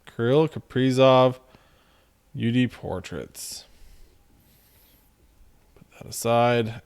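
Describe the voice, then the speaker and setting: A man hosting a card-opening video, chatting casually and joking as he reads off names in quick runs. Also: fairly low pitch, gravelly, darkish tone. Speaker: card-opening channel host. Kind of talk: casual commentary while opening card packs.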